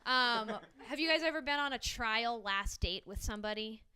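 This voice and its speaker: A woman's voice: on the high side, lively intonation, moderate pace, crowd noise. A young woman doing a stand-up comedy set before a small live audience, chatty and self-deprecating with frequent ums and laughs.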